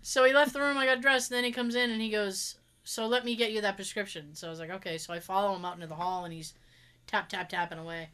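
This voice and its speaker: A woman's voice: mid-range voice, fast, smooth. A young woman casually telling a funny story, sarcastic and acting out the quoted lines. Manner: sarcastic, animated, acts out quotes. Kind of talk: casual chat, telling an anecdote.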